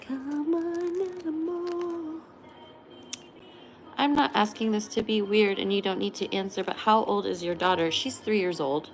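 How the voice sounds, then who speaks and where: A woman's voice: mid-range voice, a little fast, hardly any pauses, soft background music. A young woman hosting a casual livestream, chatting and laughing as she answers viewers. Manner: chatty, laughs often, reads and answers chat. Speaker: livestream host.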